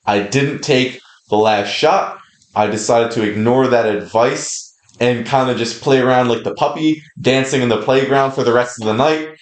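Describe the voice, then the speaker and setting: A man co-hosting a podcast in casual chat, relaxed and jokey, swearing freely. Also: mid-range voice, normal speed, echoey room. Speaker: podcast co-host.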